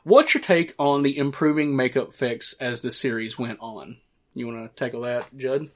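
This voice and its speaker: A man's voice: mid-range voice, normal speed. A man hosting a casual movie commentary podcast, rambling through his points with restarts, fillers and the odd swear word. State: hiccups. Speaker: podcast host.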